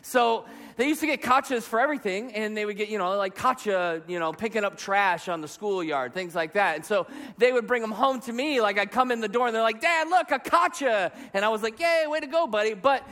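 A man in his thirties delivers a sermon, his voice sitting notably high. He tells animated, self-mocking stories, and the church hall around him trails off in a long reverb. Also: fairly quick, few pauses. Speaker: pastor.

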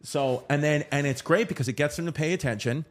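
A man's voice: fairly high pitch, brisk. A man in his thirties hosting a casual comedy podcast, joking and exaggerating, swearing freely and talking over his guest. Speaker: podcast host.

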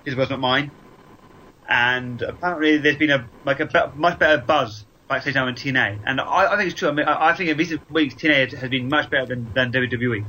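Bright-voiced English man chatting. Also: mid-range voice, fast talker, slight background noise, low-quality recording. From England. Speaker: podcast co-host. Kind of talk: casual chat.

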